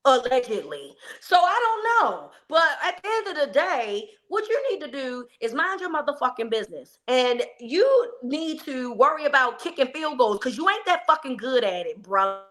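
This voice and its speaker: A woman's voice: high-pitched, very animated, normal speed, fairly bright tone. A woman co-hosting a sports podcast, talking in a blunt, profane, scolding way. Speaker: podcast co-host. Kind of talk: casual sports chat.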